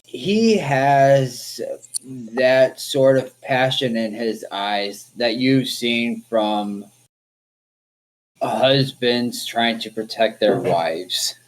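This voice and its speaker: Slow-talking man running a tabletop game. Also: mid-range voice, rough recording. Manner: calls for dice checks and describes combat results. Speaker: dungeon master.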